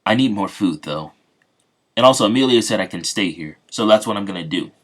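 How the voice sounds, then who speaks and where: A man's voice: on the low side, expressive, a little fast. Man voicing a hungry, carefree young pirate. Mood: casual. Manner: blunt, childlike and food-obsessed.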